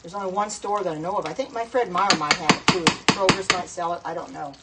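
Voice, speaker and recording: A woman's voice: lowish voice, fast talker, very noisy. A middle-aged woman chatting in a rambling, self-correcting way while cooking at her home stove, talking to her viewers. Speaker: home cook. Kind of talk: casual cooking vlog talk.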